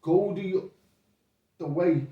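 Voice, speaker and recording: Older boxing coach telling stories. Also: male voice, high-pitched, slow pace, recorded from a distance, lo-fi sound. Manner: rambling, animated retelling with quoted voices. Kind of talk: casual storytelling chat. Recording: echoey room, voice off-mic.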